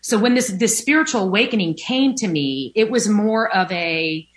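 At home by a window, a woman gives a candid personal testimony about recovering from addiction as a recovering alcoholic. She speaks at normal speed in an expressive, medium-pitched voice, with many fillers and an occasional curse.

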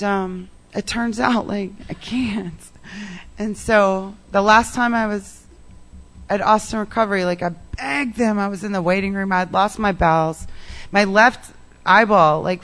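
Woman, mid-pitched voice, giving a rambling personal recovery testimony full of fillers. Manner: rambling, heavy use of "like" and "um". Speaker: person sharing her recovery story.

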